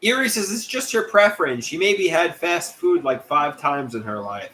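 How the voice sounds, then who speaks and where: A man's voice: a little high, lively intonation, normal speed, sharp tone, a little hiss or hum. A man hosting a casual livestream, rambling and chatty as he reads out viewer comments and greets them by name. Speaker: livestream host.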